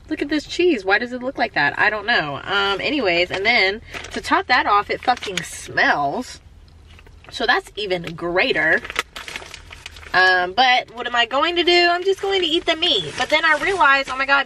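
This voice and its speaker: A woman's voice: lowish voice, sharp tone, rough recording. A young woman talking candidly to her phone camera inside her car, swearing freely and filling her talk with "like". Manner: candid, frank, swears often, many "like" fillers. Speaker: vlogger. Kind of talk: casual vlog talk to camera. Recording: car and road noise behind.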